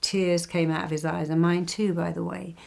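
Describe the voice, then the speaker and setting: An older woman speaks as a therapist in a motivational talk. Her voice sits fairly low with a gravelly, fry-tinged edge. She draws out key words and phrases to drive her point home. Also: little pitch movement. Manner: emphatic, slows down on key phrases.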